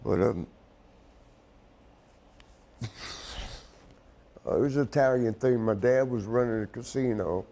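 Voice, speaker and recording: A man's voice: mid-range voice, measured pace, creaky, pauses often, warm tone. A man, telling a painful family story in a rambling, profane way and crying as he talks. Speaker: wrestling show guest. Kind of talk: emotional storytelling chat.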